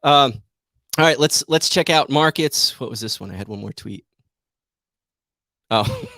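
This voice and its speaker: A man's voice: mid-range voice, expressive, measured pace, pauses often, pushed and bright, dry recording, clean studio sound. A man hosting a trading show, giving rambling, self-deprecating market commentary that keeps turning into a rant.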